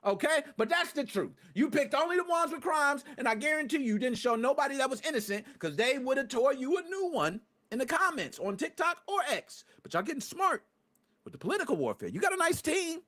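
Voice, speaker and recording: A young man hosts a podcast and rants to his live chat in slangy, profane talk. His high voice leaps up to near-shouts and then drops to low mutters. His delivery is lively and keeps swinging in pitch and force. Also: fairly quick. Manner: animated, swings from loud outbursts to low muttered asides. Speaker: podcast host. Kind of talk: casual ranting commentary to a live chat.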